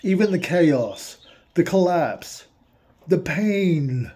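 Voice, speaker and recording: Mellow-voiced man musing aloud. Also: on the high side, lively intonation, very slow. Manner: rambling, reads text aloud and comments. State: emotional, eyes watering. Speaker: host reading aloud and reacting. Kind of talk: casual monologue.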